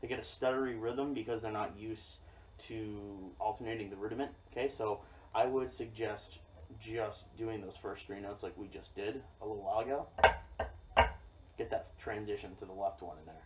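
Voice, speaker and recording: A man teaching a drum rudiment in a relaxed, explanatory way, often checking in with "okay?". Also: on the low side, moderate pace. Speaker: drum instructor. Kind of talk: casual instructional demo. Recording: distant mic with loud noise and drum clicks.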